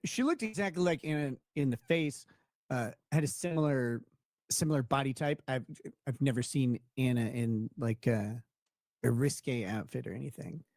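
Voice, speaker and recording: A man's voice: mid-range voice, darkish tone, no echo, clean studio sound. Rambling young man telling a story. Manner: rambling, restarts, laughs at own story. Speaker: show host. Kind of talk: casual storytelling chat.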